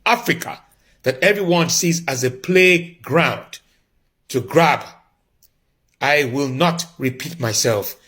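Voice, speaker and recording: An actor playing a pompous, defiant male president who makes a slow, emphatic address full of repeated declarations. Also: mid-range voice, fairly bright tone. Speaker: comedic character clip.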